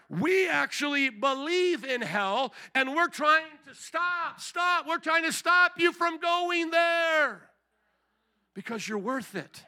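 A man preaching a sermon as pastor, animated and acting out the voices he quotes. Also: very high-pitched, slow pace.

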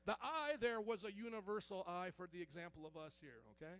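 A man's voice: high-pitched, lively intonation, quick pace, fairly bright tone, a little hiss or hum. A male pastor preaching a sermon in a conversational way, quizzing the congregation with questions and dropping joking asides.

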